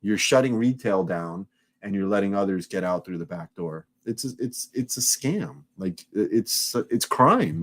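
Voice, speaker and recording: A man's voice: deep voice, expressive, measured pace, a bit bright. A man hosting a live stream in loose, profane, rambling casual chat, restarting his sentences often.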